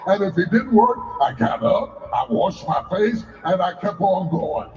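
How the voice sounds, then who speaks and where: A man's voice: sits high, lively intonation, a little slow, darkish tone, echoey room, dull audio. A male pastor giving an impassioned sermon with call-and-response.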